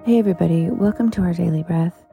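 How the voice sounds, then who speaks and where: A woman hosting a podcast, talking casually and then leading a calm, soft-spoken guided breathing meditation with slow pauses. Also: lowish voice, creaky, music in the background.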